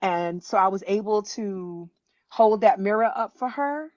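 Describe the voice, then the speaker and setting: A woman in her fifties, an author and educator, telling a story as a guest with lively restarts. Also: measured pace, no echo, dull audio. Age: 50s. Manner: animated, acts out quoted voices with pitch jumps, many restarts. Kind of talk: conversational storytelling.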